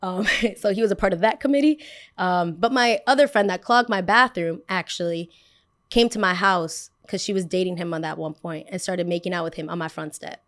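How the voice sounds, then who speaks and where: A young woman hosting a podcast, telling a personal story in a sassy, animated way and acting out both sides of the conversation. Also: lowish voice, fairly quick. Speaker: podcast host. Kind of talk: casual storytelling.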